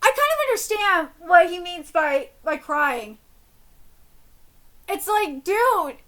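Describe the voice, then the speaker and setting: A woman streaming a live reaction to a manga, reading panels aloud and yelling at dramatic moments. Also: extremely high pitch, takes it slowly. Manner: excitable, yells at dramatic panels.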